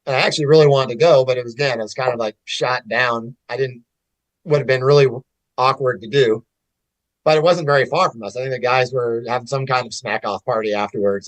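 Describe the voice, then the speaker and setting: A man's voice: medium pitch, no room sound, rough recording. A man in casual podcast conversation, talking candidly with restarts and swearing. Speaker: podcast guest. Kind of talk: casual chat.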